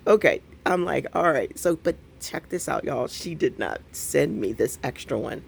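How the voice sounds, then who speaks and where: Lively woman chatting to camera. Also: low voice, normal speed, vocal fry, husky. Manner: animated storytelling, frequent laughter, talks to viewers as y'all. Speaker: craft vlogger. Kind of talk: casual chat to camera. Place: at home.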